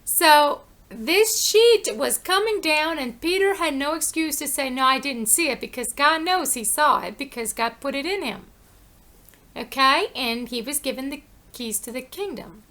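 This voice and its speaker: A woman's voice: high-pitched, lively intonation, measured pace, bright, forceful tone. A woman preaching an informal sermon, emphatic and conversational, asking questions and answering them herself and repeating phrases for effect.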